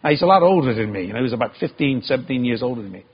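A man preaching a sermon to a congregation, with emphatic stresses and sudden high shouted climbs. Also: lively intonation, rapid-fire, slightly rough, lo-fi sound.

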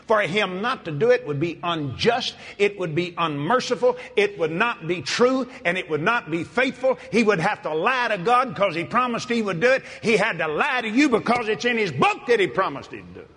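Male preacher, high bright voice, slow folksy delivery that bursts into shouts, long church-hall echo. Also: slightly rough. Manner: folksy, animated, shouting and laughing. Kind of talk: sermon.

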